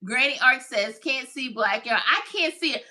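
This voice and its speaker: A woman hosts a relaxed crochet livestream, talking straight to her viewers and reading their comments aloud. Her voice sits a little high and comes across bright and forward. She chats freely and laughs easily. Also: moderate pace. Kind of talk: casual livestream chat.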